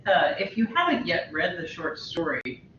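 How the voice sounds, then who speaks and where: A woman's voice: lowish voice, big pitch swings, normal speed, pushed and bright, a little hiss or hum. A woman teaching a college literature class, talking casually to her students with many fillers and restarts. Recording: roomy, distant, dull lo-fi audio.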